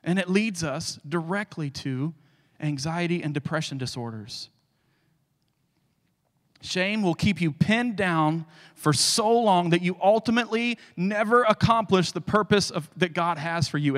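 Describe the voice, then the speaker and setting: A male guest speaker preaching a sermon, telling the story with animated energy and dropping to hushed tones for scripture. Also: high voice, big-room sound.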